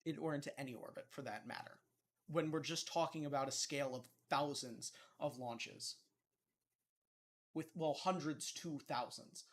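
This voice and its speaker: A man's voice: fairly high pitch, normal speed. A man moderating a casual space debate, stumbling over his words and restarting his questions.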